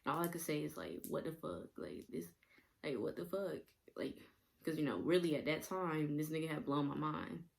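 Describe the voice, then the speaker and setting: A woman's voice: low-pitched, animated, fairly quick, gravelly. A young woman vlogger rambling through a casual storytime, laughing often and using many fillers.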